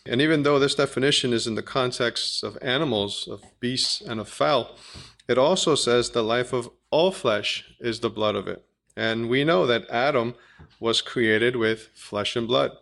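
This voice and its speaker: A man's voice: mid-range voice, moderate pace, vocal fry, a bit bright. A man teaching a Bible study, methodically reading scripture passages aloud and explaining them. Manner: methodical, reads scripture aloud in King James wording.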